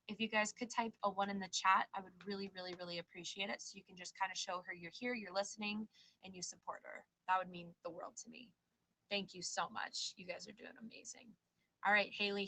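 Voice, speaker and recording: A woman's voice: medium pitch, steady tone, brisk, bright, forceful tone, poor audio. A woman hosting a live tarot show, chatting casually and reassuring her guests, calling them babe and girl. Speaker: tarot reader and show host. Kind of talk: casual live-stream chat and tarot reading.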